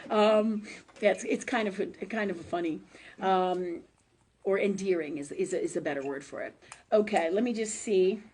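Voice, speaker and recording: A woman's voice: medium pitch, moderate pace, darkish tone, slight background noise. A woman hosting a live-stream show and giving psychic readings, talking in a loose, chatty way with fillers and tag questions and the odd curse word. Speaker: host and psychic reader.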